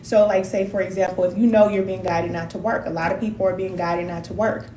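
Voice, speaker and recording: A woman's voice: lowish voice, fairly even intonation, quick pace, warm tone. A woman in her forties, a spiritual advisor, chatting casually and at length on a livestream and reading out viewer comments. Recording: roomy sound with faint noise.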